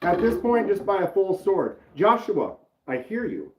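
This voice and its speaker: A man's voice: high voice, big pitch swings, a little slow, a little mellow, a little hiss or hum. A man casually chatting on a live stream, rambling and greeting viewers from the chat by name. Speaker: knife channel live streamer. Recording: roomy, slightly dull sound.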